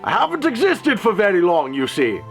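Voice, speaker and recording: A man doing an eccentric young English gentleman with a posh English accent, prim and formal in a comedic character Q&A. The voice sits high and swoops about with lively inflection. A gravelly edge runs through it over faint music. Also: moderate pace, heavily acted. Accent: posh English, put on.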